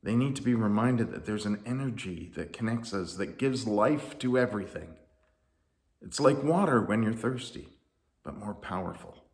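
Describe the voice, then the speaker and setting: A man voicing God as a patient, gentle figure who speaks quietly and unhurriedly in a children's story. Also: lowish voice, lively intonation, normal speed, lightly acted. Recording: roomy echo.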